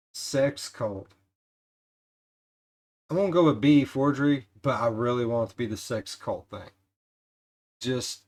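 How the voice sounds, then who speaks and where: A man's voice: mid-range voice, a little mellow. A man hosting a reaction video, commenting in a casual, joking, blunt, off-the-cuff way.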